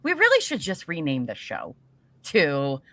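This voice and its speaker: A low-pitched woman, co-hosting a casual podcast. Her voice is bright and pointed, and she bounces quickly through teasing banter. The recording is close and dry. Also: huge pitch swings, no echo. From US Midwest. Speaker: podcast co-host.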